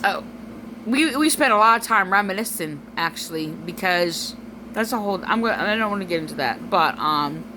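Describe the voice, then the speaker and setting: A woman's voice: mid-range voice, animated, moderate pace, sharp tone, a little hiss or hum, poor audio. A tearful woman rambling through a personal vlog monologue, full of restarts and fillers.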